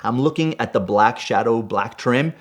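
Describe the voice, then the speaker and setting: A man in his forties telling a personal story in an animated way. He builds up heat as he goes and keeps checking in with "right?". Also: mid-range voice, moderate pace. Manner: gets fired up and loud while retelling; punctuates with "right?". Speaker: guest storyteller.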